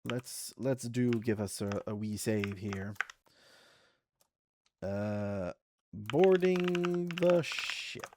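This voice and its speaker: A man's voice: fairly low pitch, very slow, long pauses, background noise. A man hosting a casual let's play, chatting and reading game text aloud with a few self-corrections.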